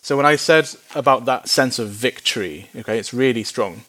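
Lively humorous man preaching. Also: medium pitch, normal speed. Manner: lively, humorous, acts out voices in quotes. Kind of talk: sermon Bible teaching.

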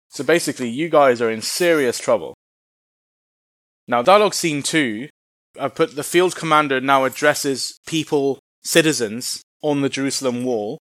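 A man's voice: medium pitch, fairly bright tone, no echo, clean studio sound. A man giving an informal Bible lesson in a chatty, humorous way with casual slang. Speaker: Bible teacher.

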